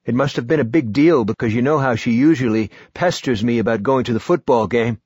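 A caring husband speaks gently and soothingly to his upset wife, as a man reading the story voices him. His voice is mid-pitched with a husky grain. The sound is dry and close to the mic. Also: fairly quick, no room sound, dull audio, natural voice. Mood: gentle. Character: gentle, worried husband and father.

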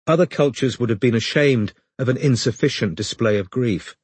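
A man narrating an audiobook in a measured storytelling manner, close to the mic. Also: mid-range voice, a little mellow, slightly rough, no room sound.

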